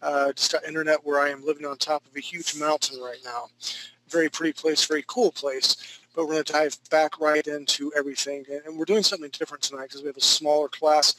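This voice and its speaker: A man's voice: on the high side, little pitch movement, brisk, fairly bright tone, slight background noise, rough recording. A man teaching a live online drawing class from home, talking loosely and jokingly as he thinks aloud while he draws. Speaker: drawing instructor. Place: home studio.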